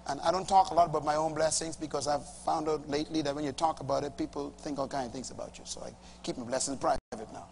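A man's voice: fairly high pitch, fairly even intonation, quick pace, gravelly, hardly any pauses, a little mellow, a little hiss or hum. A middle-aged male pastor preaching a sermon emphatically, stretching key words and calling on the congregation to respond. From Bahamas. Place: church hall before a congregation.

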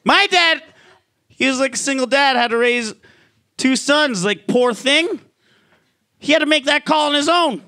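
A man with a very high, bright voice performs stand-up comedy. He talks in a loose, chatty way, sprinkling in "like" and swearing freely. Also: moderate pace. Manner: casual, profane, lots of "like" fillers.

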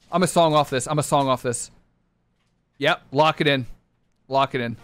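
Man barking quick gameplay callouts. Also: mid-range voice, clear, resonant tone, no echo, faint music behind. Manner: terse rapid callouts to teammates, bursts into excited shouting. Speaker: game streamer. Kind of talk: live gameplay commentary.

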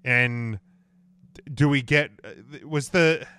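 Bright-voiced man hosting a podcast. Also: medium pitch, slow pace, clean tone, dry recording. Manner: thinks aloud, steers the talk to others. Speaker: podcast host. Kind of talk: casual podcast chat.

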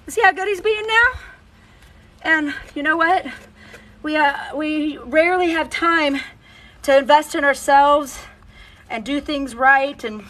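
A woman's voice: sits high, animated, moderate pace, pauses often, fairly bright tone, a little hiss or hum, low-quality recording. A woman from Missouri, a horse trainer talking casually to camera outdoors while trimming her horse's hoof, joking and folksy.

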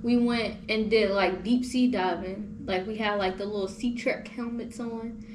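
Animated young woman, echoey room. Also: mid-range voice, unhurried. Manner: animated storytelling with slang. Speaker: podcast host. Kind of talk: casual chat. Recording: echoey room with faint noise.

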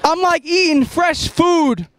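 A New York rapper with a very high, slightly bright voice spits a cocky freestyle on a street corner at night. He rhymes in quick bursts and laughs between bars, captured on a handheld camera in the open street.

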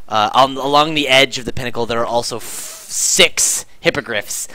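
A man's voice: medium pitch, normal speed, few pauses, bright, forceful tone, dry recording. A man narrating as game master of an online tabletop game, describing scenes with casual fillers.

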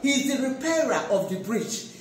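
A pastor preaches an emphatic sermon, pushing out loud calls and then dropping into quiet asides. The voice rings through a large, very echoey church hall and sounds some distance from the mic. A faint hum of room noise sits underneath. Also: sits high, expressive, normal speed.

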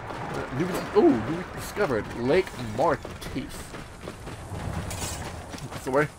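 A man giving let's play commentary over a video game, loud, joking and heavily profane. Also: mid-range voice, animated, takes it slowly, pauses often, a little hiss or hum. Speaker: gaming video host.

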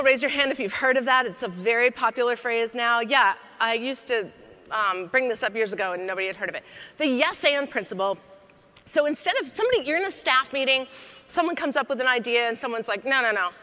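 Lively woman speaker in a reverberant hall. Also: high voice. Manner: lively, chatty, laughs between lines. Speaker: keynote speaker. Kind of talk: comedic keynote talk. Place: large hall on stage.

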